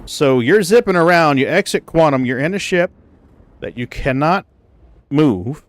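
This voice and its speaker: A man's voice: fairly high pitch, expressive, unhurried, dry recording. A man streaming a space game live, chatting casually and bluntly, cursing and griping about the game and cooing baby talk at his cat between play. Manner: blunt, swears, grumbles about game mechanics.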